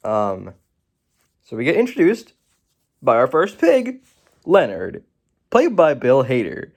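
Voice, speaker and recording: This gravelly-voiced man takes his time reviewing a film in a casual video, wandering off into asides and frequently correcting a word he has just begun. Sharp rises and falls in pitch between phrases keep his delivery animated.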